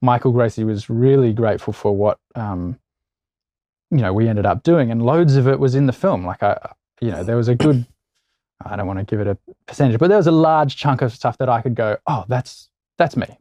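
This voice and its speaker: An Australian actor guest telling anecdotes in a casual interview, animated and acting out quoted voices. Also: male voice, medium pitch, a little fast, no room sound.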